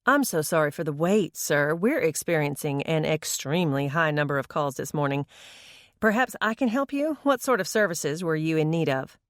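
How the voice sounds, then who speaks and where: A woman's voice: low-pitched, expressive, normal speed, dry recording. Female narrator as young receptionist guy: perky, overly polite, dry. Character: chirpy, distracted young male receptionist.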